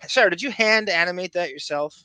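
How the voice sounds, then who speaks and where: A man's voice: sits high, quick pace, clear, resonant tone, no echo. A man co-hosting a podcast in a casual, rambling chat, often cutting himself off mid-thought. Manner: excitable, rambling, self-interrupting. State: raspy. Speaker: podcast co-host.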